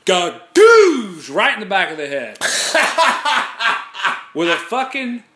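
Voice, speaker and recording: A podcast host tells a rowdy story in casual chat, his high-pitched voice moving very slowly. He's animated and profane, swearing a lot and acting out what people said. The recording is reverberant and very noisy.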